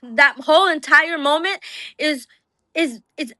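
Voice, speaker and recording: High bright-voiced woman, stumbling and urgent. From New Jersey. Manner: rapid restarts and repeated words. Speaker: interview guest, activist. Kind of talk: emotional personal account.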